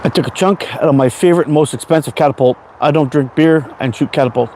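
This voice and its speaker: A man in his forties from Canada talks loosely and cheerfully, hosting a casual livestream and answering viewer comments one after another. His voice sits a bit high for a man, and he rambles and restarts as he goes. A faint hum of noise runs under the talk. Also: fairly quick, few pauses, a little mellow. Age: 40s. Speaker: livestream host.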